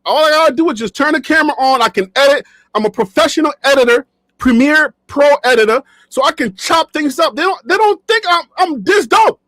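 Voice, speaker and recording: Man, sports vlogger, very high voice, animated and jokey, laughs a lot, dry close sound. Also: brisk, dry recording. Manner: animated, joking, laughs often, repeats himself. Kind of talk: casual talk to camera. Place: his own studio.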